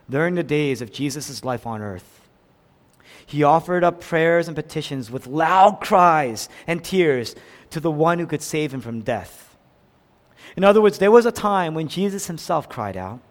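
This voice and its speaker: A man preaching a sermon, swinging from loud cries down to hushed, near-whispered lines. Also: a little high, lively intonation, unhurried. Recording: long hall reverb.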